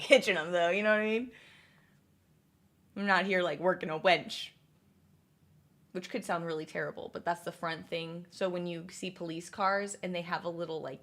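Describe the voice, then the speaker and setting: A young woman livestreams with a fairly low, bright voice and a forceful tone. She chats casually and answers viewers' messages, rambling with lots of fillers and restarts.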